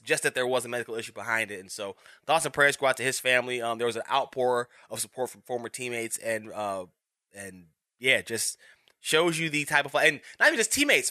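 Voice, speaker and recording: A man's voice: mid-range voice, bright, forceful tone, dry recording, clean studio sound. A man in his thirties giving casual, rambling sports commentary as a podcast host, with frequent restarts and fillers. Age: 30s.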